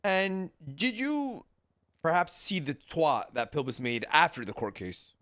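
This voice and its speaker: A man's voice: on the high side, huge pitch swings, unhurried, fairly bright tone, dry recording, studio quality. A man playing a pushy lawyer in role-play court, arguing with theatrical objections.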